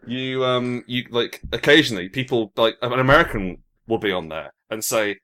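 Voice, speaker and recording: A man's voice: medium pitch, normal speed, few pauses, pushed and bright. A man from Britain, a guest who designs games, chatting casually and rambling through teasing tangents. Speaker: podcast guest, game designer. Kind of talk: casual chat.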